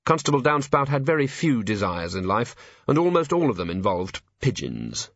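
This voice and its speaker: A man narrating a novel aloud in an even, dry storytelling manner. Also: medium pitch, normal speed, creaky, dry recording, muffled recording. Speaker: audiobook narrator. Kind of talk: scripted narration.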